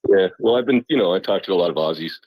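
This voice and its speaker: A man cracking loud, profane jokes in a casual chat. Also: sits low, lively intonation, very fast, no room sound, highs cut off.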